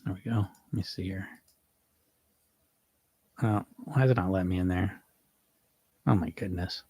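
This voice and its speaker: A man's voice: low-pitched, a little slow, a little mellow, slightly rough, dry recording. A man hosting a weight loss coaching podcast, talking casually and energetically with frequent restarts and asides while answering listeners live.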